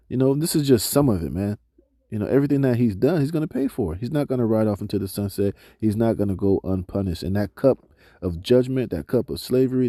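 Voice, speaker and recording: A male street preacher with a fairly low, very dark and mellow voice gives informal scripture commentary in a loose, slangy style, often ending phrases with "man" and using many "uh" fillers. He slows down to read scripture aloud, and the close recording is dry.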